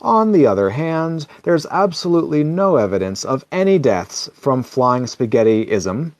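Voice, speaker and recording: A man's voice: mid-range voice, sing-song, measured pace, darkish tone, dry recording. A man giving a casual comic reading, wry and digressive, chuckling at his own asides. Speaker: social video reader.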